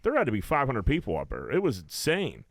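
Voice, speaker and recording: A man's voice: mid-range voice, huge pitch swings, quick pace, dry recording. A young man from Pittsburgh co-hosting a podcast, telling rambling stories in casual chat and swearing often. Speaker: podcast co-host.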